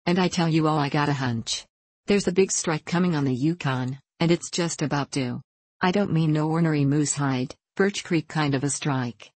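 A swaggering male gold prospector from the frontier , put on by a woman narrator, all boast and rough backwoods grammar. The voice sits low. The reading is dry and close, with no room sound. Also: a little mellow, no echo.

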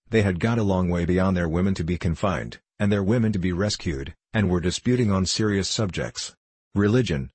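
Man, audiobook narrator, deep voice, husky, dry close recording, measured wry telling. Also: darkish tone, no echo, low-quality recording. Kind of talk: first-person novel narration.

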